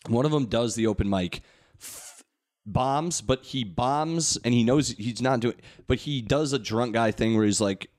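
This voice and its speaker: A man hosting a comedy podcast, telling stories in casual chat and acting out the people in them with loud, shouty voices. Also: medium pitch, unhurried. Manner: animated, acts out quotes in loud shouty voices.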